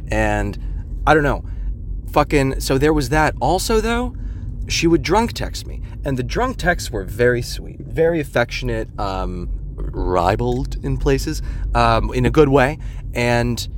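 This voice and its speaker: A man's voice: medium pitch, big pitch swings, a little slow, a little hiss or hum. A man in his late twenties telling a rambling, profane, self-deprecating comic story in a casual monologue. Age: 20s.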